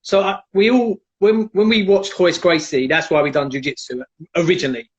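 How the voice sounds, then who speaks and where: Guest storyteller: man, lively, slightly high voice, muffled live-stream sound. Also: brisk. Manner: animated, acts out quoted voices. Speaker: guest, jiu-jitsu black belt. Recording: dull lo-fi live stream audio.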